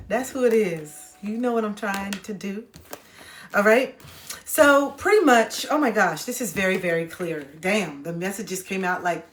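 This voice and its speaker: A woman's voice: medium pitch, normal speed, fairly bright tone, reverberant. Blunt, preachy woman on a livestream. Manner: blunt, preachy, slangy, with laughs. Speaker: livestream host giving spiritual advice. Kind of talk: casual livestream talk. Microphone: phone.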